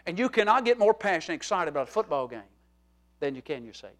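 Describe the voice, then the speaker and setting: A middle-aged male pastor preaching a humorous, animated sermon to his congregation, moving from quiet talk to shouting. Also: fairly high pitch, fast talker. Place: church sanctuary.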